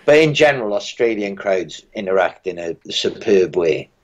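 A British musician guest in a casual interview, telling dry, wry anecdotes with frequent restarts. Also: male voice, low voice, lively intonation, normal speed, lo-fi sound. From Britain.

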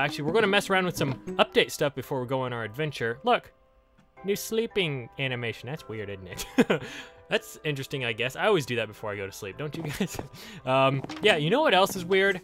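Excitable man, gaming commentary, bright tense voice, light music behind. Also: a little high. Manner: excitable, giggly, chatty. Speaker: gaming channel host. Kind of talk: Let's Play commentary.

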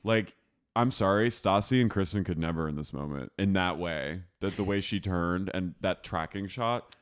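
A man co-hosting a podcast, chatting casually and animatedly about a reality show, jumping into squeaky impressions. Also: moderate pace. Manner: animated, jumps into squeaky high voices for impressions. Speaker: podcast co-host. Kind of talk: casual pop-culture recap chat.

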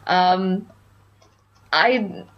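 A woman's voice: lowish voice, drawn-out words. Opinionated laughing woman, muffled audio. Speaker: podcast co-host. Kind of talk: casual chat.

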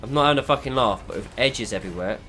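A man's voice: mid-range voice, racing, pushed and bright, a little hiss or hum. A man giving frustrated, swear-filled commentary while playing a shooter game. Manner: frustrated, heavy swearing, exasperated. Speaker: gamer. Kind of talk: gameplay commentary.

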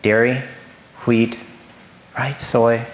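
A man giving a lecture presentation as a nutritionist, animated, firing rhetorical questions and addressing the audience directly. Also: medium pitch, drawn-out words, slight background noise.

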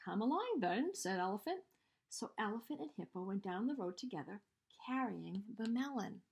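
A woman teacher reading a storybook aloud to children, expressive, with hushed asides. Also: mid-range voice, normal speed, creaky, husky.

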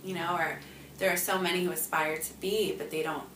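A woman's voice: fairly low pitch, fairly even intonation, a little fast, a bit bright. A woman interviewer asking hesitant, searching questions. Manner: hesitant questions with "um, you know". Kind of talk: conversational interview. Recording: echoey room, distant mic, noisy.

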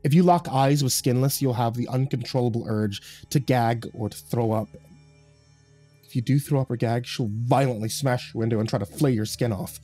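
A man reading a horror story aloud in a calm, measured storytelling voice. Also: mid-range voice, breathy edge, faint music behind. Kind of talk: scripted horror narration.

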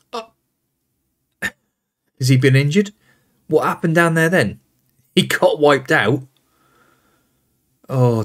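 Exasperated man commentating his football game. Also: mid-range voice. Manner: exasperated, calls out player names as play unfolds. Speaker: gaming host.

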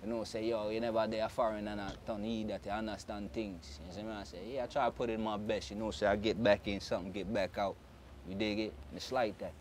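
A man's voice: fairly low pitch, fairly even intonation, fast talker, a little hiss or hum. A young man with a Jamaican accent, talking casually and loosely in an interview, often repeating "you know what I'm saying". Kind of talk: casual street talk in patois-tinged English.

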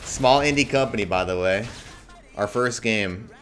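A man streaming a game, ranting and swearing at other players, swinging from low mutters to shouted outbursts. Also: measured pace, faint music behind. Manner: tilted, swearing, ranting at teammates and enemies. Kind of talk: live gameplay commentary.

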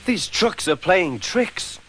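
A man's voice: mid-range voice, huge pitch swings, unhurried, pushed and bright, soft background music, voice pushed up, exaggerated voice. A man doing a sulky, snappish steam engine. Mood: panting. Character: sulky, vain male red steam engine.

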